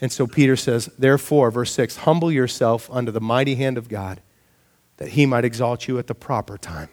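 A man preaching a sermon in a conversational, animated way, often asking the congregation rhetorical questions. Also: medium pitch, a little fast. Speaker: pastor.

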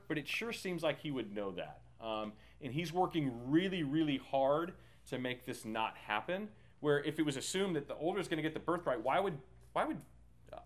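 A man leading a Bible study in a casual, talkative way, with many fillers and restarts. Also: a little high. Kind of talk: casual teaching.

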